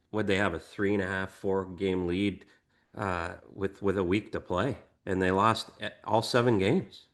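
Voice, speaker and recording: Man, low voice, casual sports podcast, emphatic, restarts often. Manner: animated, emphatic, lots of restarts. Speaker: podcast co-host.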